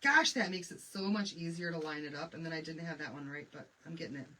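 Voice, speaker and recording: A woman's voice: sits low, fast talker, sharp tone, distant mic, slight background noise, low-quality recording. A middle-aged woman from Michigan hosting a casual live craft demonstration, chatting and greeting viewers by name. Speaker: craft livestream host.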